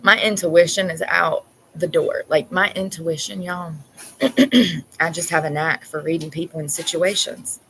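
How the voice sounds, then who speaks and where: A woman talks at an easy, unhurried pace in a loose and chatty way, laughing often as she tells her story. She sounds like she is speaking from her car, with faint background noise behind her voice. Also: fairly low pitch, a bit bright, rough recording. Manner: laughs constantly while retelling a funny video. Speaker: vlogger. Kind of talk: casual chat.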